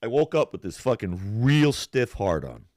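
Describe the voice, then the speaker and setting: Low-voiced man telling a rambling story. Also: very animated, normal speed, darkish tone, dry recording, studio quality. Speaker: podcast co-host. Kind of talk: casual live-stream chat.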